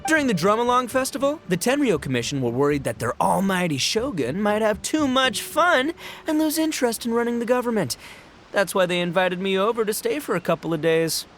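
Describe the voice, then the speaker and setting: A man's voice: sits high, big pitch swings, fairly quick, fairly bright tone. An actor playing a brash, boastful young male gang boss in a video game, boisterous and laughing, tripping over fillers. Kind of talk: game voice acting.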